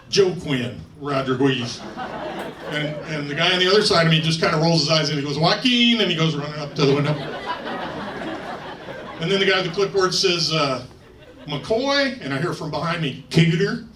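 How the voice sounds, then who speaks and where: A man's voice: fairly high pitch, fairly bright tone, a little hiss or hum. A man from New York performing a stand-up set, telling a long story with many fillers and acted-out quotes. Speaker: stand-up comedian. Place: comedy stage before a laughing audience. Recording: roomy, distant live club recording.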